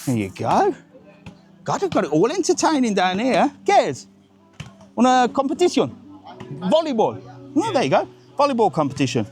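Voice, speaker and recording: A man's voice: very high voice, wildly swooping pitch, normal speed, long pauses, a little mellow. A man hosting a live travel vlog as he walks outdoors in the rain, talking bluntly and swearing as he chats with his viewers. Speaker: travel vlogger host. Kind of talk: live-streamed walking vlog. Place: outdoors on a seaside promenade in rain.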